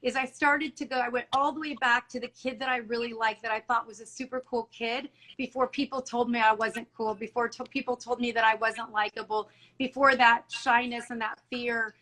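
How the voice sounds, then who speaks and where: A woman's voice: on the high side, steady tone, brisk, few pauses, pushed and bright, low-quality recording. A middle-aged woman talking earnestly and emotionally in an interview, often retelling conversations. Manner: earnest and emotional, many restarts and quoted dialogue. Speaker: salon owner guest. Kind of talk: candid interview talk.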